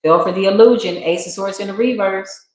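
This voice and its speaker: A woman's voice: medium pitch, a little fast. Slangy woman reading tarot in an echoey room. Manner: slangy, emphatic, preacherly. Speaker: tarot reader. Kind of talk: live spiritual tarot reading.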